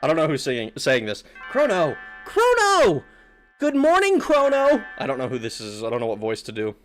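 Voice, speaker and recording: A man's voice: mid-range voice, very fast, faint music behind. A man streaming a video game who talks casually, swears often and laughs a lot. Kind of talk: let's play commentary.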